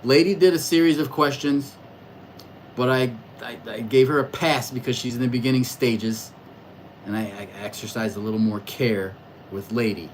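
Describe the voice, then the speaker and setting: A man at an ordinary, mid-range pitch hosts a casual livestream, thinking aloud and rambling. He stammers through restarts and addresses his viewers loudly and excitedly. A faint air conditioning hum runs underneath. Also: normal speed, low-quality recording. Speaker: livestream host reading astrology charts.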